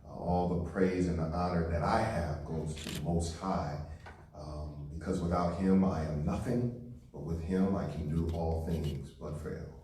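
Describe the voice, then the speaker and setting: A man from St. Louis giving a keynote speech to a live audience, telling stories in a warm, conversational way. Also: low voice, measured pace, a little hiss or hum. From St. Louis, Missouri. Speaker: keynote speaker. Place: large hall with live audience. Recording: echoey hall, voice from a distance.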